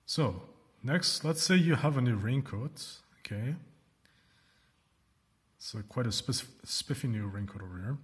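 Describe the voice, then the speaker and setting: Mid-pitched male English teacher in a reverberant room, clear patient lesson delivery with drawn-out model phrases. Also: lively intonation. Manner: slows down to model example sentences, checks with "right?" and "okay?". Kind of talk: recorded classroom lesson.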